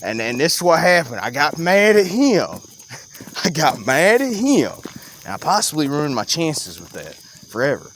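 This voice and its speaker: A young man spins a loose, animated story in a casual chat. He swings from loud outbursts down to low mutters and laughs easily. Faint crickets chirp behind him outdoors. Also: moderate pace, a little hiss or hum.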